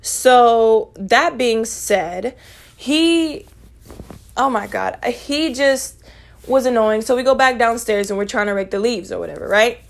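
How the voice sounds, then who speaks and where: A young woman rambling through a storytime vlog, swearing freely and brushing things off with dismissive asides. Her voice sits a little higher than most women's. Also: unhurried, creaky. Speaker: vlogger.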